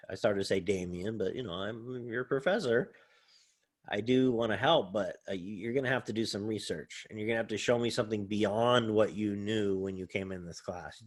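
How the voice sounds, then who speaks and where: A man, a college English professor, giving a casual, rambling recorded lecture while sharing his screen, thinking aloud with many fillers. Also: lowish voice.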